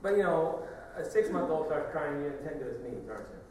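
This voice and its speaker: A man's voice: fairly high pitch, lively intonation, brisk, a little mellow, slight background noise. A middle-aged man, a pastor, preaching a conversational sermon full of questions and asides. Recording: echoey church hall, from a distance.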